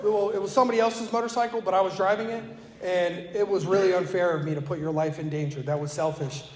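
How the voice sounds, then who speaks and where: Man, fairly high voice, loose joking storyteller at a recovery meeting, echoey hall. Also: steady tone, fast, darkish tone. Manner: casual, joking storyteller who acts out other people's voices. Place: meeting room with an audience. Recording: echoey hall with faint ambience.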